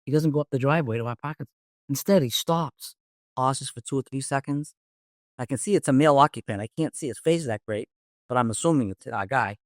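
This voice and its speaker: A man's voice: mid-range voice, fairly quick, no echo, studio quality. A middle-aged man, a retired police detective telling a case story in an interview, blunt and profane, acting out his own lines.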